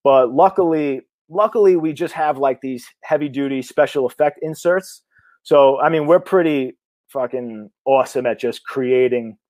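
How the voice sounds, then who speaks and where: A man talking about his film work in a loose, casual interview. His voice sits at an ordinary pitch, and he swears a lot and restarts his sentences. The sound is close and dry. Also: moderate pace, no room sound. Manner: blunt, swears freely, energetic, rambling with restarts. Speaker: indie horror filmmaker.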